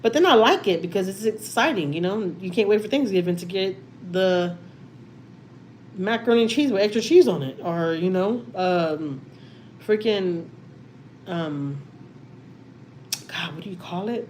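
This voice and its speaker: A woman's voice: mid-range voice, animated, unhurried, long pauses, a little mellow, a little hiss or hum. A woman from Texas with a Texan accent, chatting casually on her live stream and reading out viewer comments. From Houston, Texas. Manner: chatty, reads out viewer comments, says y'all often. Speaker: livestream host. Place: home.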